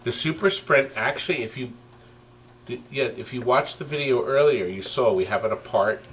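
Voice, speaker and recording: An upbeat man walks through arcade game restorations in a casual, joking way. His voice is of middle pitch, and a faint hiss of noise sits under it. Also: moderate pace, fairly bright tone, poor audio. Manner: chatty, enthusiastic, reads aloud and jokes. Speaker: co-host of an arcade restoration show. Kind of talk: casual on-camera show and tell. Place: amusement game shop or warehouse.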